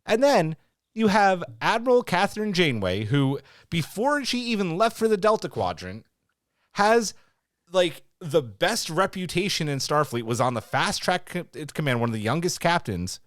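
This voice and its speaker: A man co-hosting a review podcast, talking in a loose, heated way and swearing often. His pitch swings widely as he gets worked up. The sound is dry and close, with no room echo. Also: moderate pace. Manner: animated, swears freely, ranting. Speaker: podcast co-host. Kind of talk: casual review chat.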